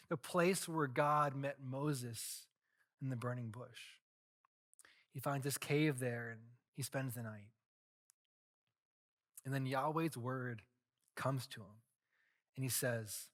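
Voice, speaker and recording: A male pastor preaching a sermon, telling a story and acting out the voices in it, dropping to a hush and then rising loud. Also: medium pitch. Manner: storytelling, acts out quoted voices, swings from hushed to loud.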